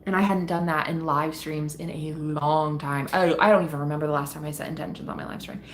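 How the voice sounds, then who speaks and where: A woman's voice: sits low, fairly even intonation, brisk, a little hiss or hum. Chatty woman tarot live-streamer. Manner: chatty, reads out viewer comments, swears freely, laughs often; affectionate, calls viewers sweetheart and honey. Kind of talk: casual live-stream chat.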